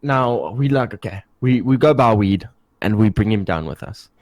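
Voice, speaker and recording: A young man spins a story for his podcast, his voice rising and falling with lively swings. He swears casually and slips into voices for the people in his tale. The sound is dry and close, with no room around it. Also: lowish voice, normal speed, dry recording. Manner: animated, swears freely, acts out voices. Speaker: podcast co-host.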